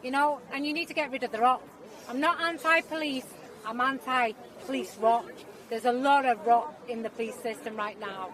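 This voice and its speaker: A woman campaigner speaking forcefully and rhetorically to a crowd outdoors at a protest. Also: fairly high pitch, normal speed, distant mic, rough recording. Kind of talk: public speech to a crowd. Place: outdoors on a city street at a protest. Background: crowd noise.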